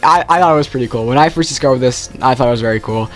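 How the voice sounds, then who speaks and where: A man's voice: mid-range voice, a little fast, hardly any pauses, soft background music. A young man casually ranking video game quests, rambling and correcting himself often. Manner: rambling, self-correcting, with frequent "like". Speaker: gaming youtuber.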